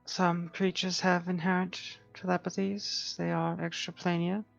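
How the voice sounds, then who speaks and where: A player speaking in character in a tabletop game, calm and measured. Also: medium pitch, creaky, soft background music. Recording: dull lo-fi microphone.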